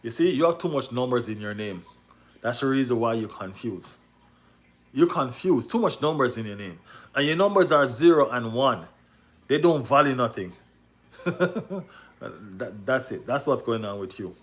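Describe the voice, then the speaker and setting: A man hosting a football livestream, ranting excitably and repeating himself with rhetorical questions. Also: mid-range voice, normal speed. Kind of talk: casual livestream rant.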